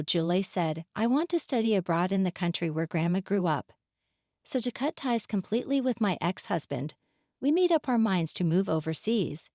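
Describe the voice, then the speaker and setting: Female storyteller, calm and even, lively pitch, dry close recording. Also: no echo. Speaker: narrator. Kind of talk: scripted first-person story narration.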